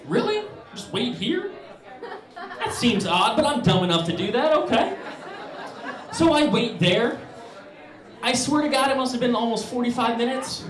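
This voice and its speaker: High-voiced man doing profane stand-up. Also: normal speed, long pauses, roomy sound, far from the mic, soft background music. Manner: animated, profane, acts out voices. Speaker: stand-up comedian. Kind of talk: stand-up storytelling.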